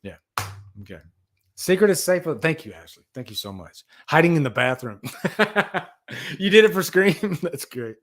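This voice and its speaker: A man hosting a casual livestream, rambling and animated as he tells stories and reads out chat. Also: a little high, normal speed. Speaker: livestream host.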